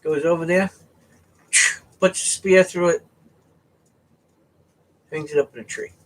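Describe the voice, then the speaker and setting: A man from the US East Coast telling a casual fishing story, animated and often checking in with "right?". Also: high voice, measured pace. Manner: animated, keeps asking "right?". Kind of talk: casual anecdote.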